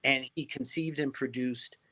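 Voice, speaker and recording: Man, middle-aged, interview guest, animated storyteller, mid-range pitch, restarts phrases. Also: unhurried.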